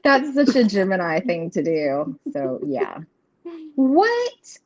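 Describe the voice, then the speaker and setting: A woman's voice: medium pitch, wildly swooping pitch, takes it slowly, darkish tone. A woman, hosting a live reading stream in casual, rambling chat and laughing often. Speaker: host of live tarot readings. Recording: dull lo-fi stream audio.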